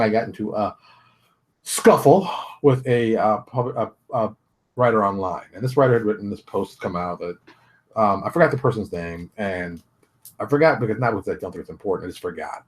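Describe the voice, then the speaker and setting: Man, blunt ranting host, animated swings in pitch, casual solo commentary, home office. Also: a little fast.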